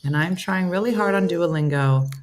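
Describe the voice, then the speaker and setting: Reading through live comments on her casual morning stream, a middle-aged American woman jokes with viewers by name and makes fun of herself. She has a lowish voice and keeps a moderate pace.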